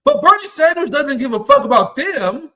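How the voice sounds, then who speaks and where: A man's voice: very high-pitched, sing-song, moderate pace, bright, forceful tone. A young man giving heated, profane political commentary, combative and mocking as he reacts to clips.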